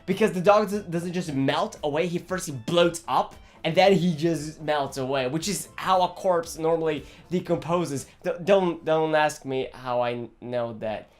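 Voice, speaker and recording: Animated man vlogging. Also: fairly high pitch, unhurried, few pauses. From Brazil. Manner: animated, rambling and jokey, with restarts. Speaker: gaming vlogger. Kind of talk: casual chat about a video game.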